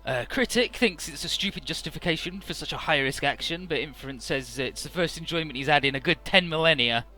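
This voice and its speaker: A man's voice: fairly high pitch, a little fast, hardly any pauses, sharp tone, soft background music. A man casually recapping a video game story for his let's play, chatty and full of "uh" and "he's like".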